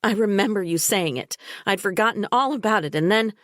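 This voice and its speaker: A woman's voice: mid-range voice, brisk, fairly bright tone, dry recording, clean studio sound, voice pushed up, lightly acted. A woman reading an audiobook, voicing a distraught young pregnant woman who pleads desperately. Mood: frantic pleading.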